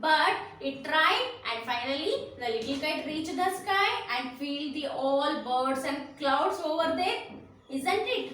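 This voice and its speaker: A woman's voice: sits high, lively intonation, measured pace, fairly bright tone. A woman teacher with an Indian accent from Karnataka, explaining a poem line by line to children in a class, often asking "isn't it?". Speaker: school teacher. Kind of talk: classroom poem lesson, mixing English and Kannada. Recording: echoey room, mic far off, faint ambience.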